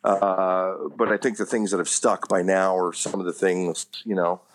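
A man's voice: sits low, little pitch movement, normal speed, slight background noise. A man talking as an acting coach in a casual interview, rambling with lots of "you know what I mean" and casual swearing.

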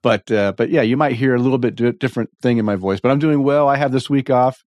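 Man, podcast host, slightly congested voice, relaxed chat, dry close sound. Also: medium pitch, fast talker, dry recording. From US Pacific Northwest. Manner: relaxed, chatty, with restarts and throat clearing. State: congested with a slight frog in the throat. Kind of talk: casual chat.

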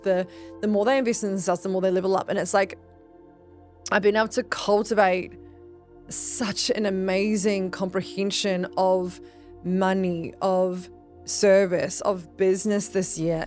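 Fast, emphatic woman podcaster. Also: mid-range voice, fairly even intonation, darkish tone, faint music behind. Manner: rapid, emphatic, heavy "like" fillers, swears freely. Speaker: podcast host and business coach. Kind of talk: casual motivational monologue.

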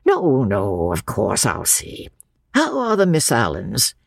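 A woman voicing a brisk, kindly male clergyman. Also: a bass voice, huge pitch swings, creaky, dry recording, clean studio sound, heavily acted.

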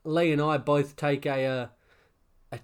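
Male podcast co-host, slightly high, easygoing, filler-laden. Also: unhurried, smooth. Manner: relaxed, filler-heavy. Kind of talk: casual sports podcast chat.

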